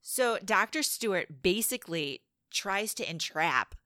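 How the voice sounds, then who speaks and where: A woman's voice: medium pitch, animated, measured pace, bright, forceful tone, no echo, studio quality. A woman co-hosting a podcast, reacting to the story with short interjections in casual chat. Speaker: podcast co-host.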